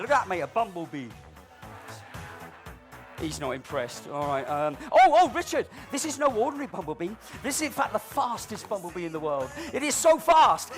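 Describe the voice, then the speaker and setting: High-voiced man teasing a crowd. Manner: cheeky, teasing, mock-dramatic, shifts between loud announcing and low asides. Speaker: balloon-modelling comedy entertainer. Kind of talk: live stage comedy patter with audience. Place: stage before a live audience.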